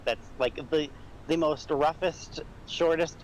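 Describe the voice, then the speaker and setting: A man's voice: on the high side, steady tone, slow pace, slight background noise, low-quality recording. A man chatting casually during a game stream, loose and easygoing with plenty of filler words. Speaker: podcast co-host.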